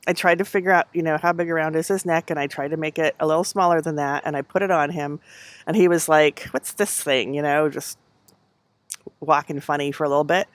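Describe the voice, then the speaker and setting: A middle-aged woman runs a casual knitting livestream from home on a headset mic, chatting and rambling with lots of fillers. Her low voice keeps a steady tone at a slightly fast clip, with no room sound.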